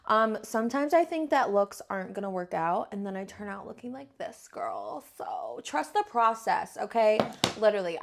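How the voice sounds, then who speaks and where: A woman's voice: mid-range voice, creaky. Young woman vlogger, casual makeup chat, playful slang and fillers, self-deprecating. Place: home.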